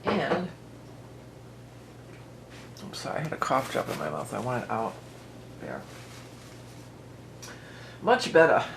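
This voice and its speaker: A woman's voice: extremely low pitch, wildly swooping pitch, a little slow, creaky, pauses often, background noise. A woman giving a casual tarot reading at home. She talks in a chatty, rambling way and often wanders into asides. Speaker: tarot reader. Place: at home with a dog nearby.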